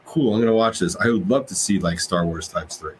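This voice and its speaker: Rambling low-voiced man in casual chat. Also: a little fast, slight background noise, rough recording. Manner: rambling, laughing, swears casually. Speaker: podcast guest.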